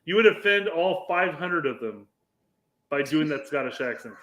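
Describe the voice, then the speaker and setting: A man with a fairly high voice trading profane jokes and teasing jabs as a podcast co-host. He laughs often, and the room around him rings with a noticeable echo. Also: animated, moderate pace, bright, forceful tone. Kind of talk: casual banter.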